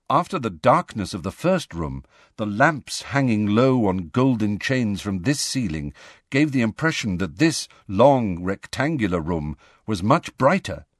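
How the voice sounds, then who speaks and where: An audiobook narrator with a lowish voice reads a novel aloud in a measured storytelling manner. It's scripted narration captured as a dry, clean studio recording.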